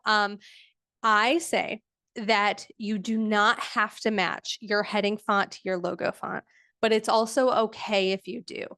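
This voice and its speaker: A woman's voice: on the high side, a bit bright, no echo, clean studio sound. Chatty woman teaching a design workshop. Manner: casual and chatty, frequent "like" and "um" fillers. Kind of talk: live online workshop teaching.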